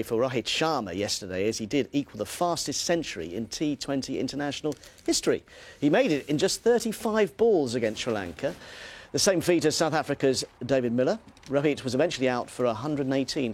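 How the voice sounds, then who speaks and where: A man presenting the sports news on breakfast television, brisk and bright, with light banter between items. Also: medium pitch.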